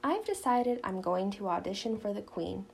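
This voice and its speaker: A woman's voice: mid-range voice, lively intonation, normal speed, vocal fry, darkish tone, rough recording. A woman voicing a dramatic preteen girl who whines and sounds exasperated in a storybook reading. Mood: haughty. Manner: whiny and exasperated.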